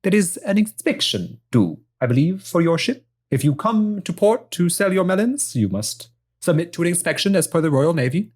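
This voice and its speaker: A cocky young female naval lieutenant, played by a storyteller, in a mock Spanish accent. She gives orders in a pompous, officious way, and her pitch bounces around. It sounds like an improvised audio story. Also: big pitch swings, moderate pace, a little mellow, husky.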